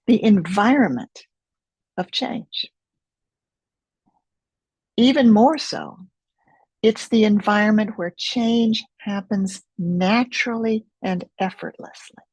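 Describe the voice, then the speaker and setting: Slow, gravelly-voiced woman teaching gently. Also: medium pitch, no echo, low-quality recording. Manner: slow, gentle, reflective guidance. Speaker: webinar teacher. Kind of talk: guided self-help webinar.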